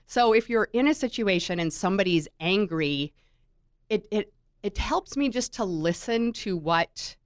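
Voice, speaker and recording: A middle-aged mother in casual conversation, reflective and expressive, often repeating words as she thinks. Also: medium pitch, measured pace, no echo, clean studio sound. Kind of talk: casual chat.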